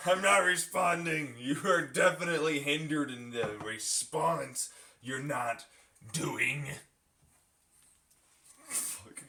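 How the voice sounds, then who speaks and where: A man's voice: fairly high pitch, slow, gravelly, pauses often, bright, forceful tone. A man ranting to camera in a profane, mocking, sarcastic way while pulling an espresso shot. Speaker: vlogger. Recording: echoey room, far from the mic.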